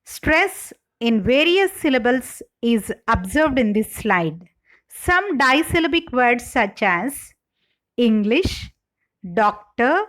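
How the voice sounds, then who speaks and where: A woman, an English professor, giving a slow and careful scripted lecture. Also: a little high, fairly bright tone, rough recording. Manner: slow, careful, deliberate delivery.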